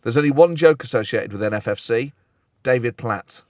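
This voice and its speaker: A man's voice: mid-range voice, fairly quick, darkish tone, dry recording, studio quality. A man with an English accent hosting a football podcast, chatty and playful, reading listener jokes aloud. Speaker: podcast host. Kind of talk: casual podcast chat.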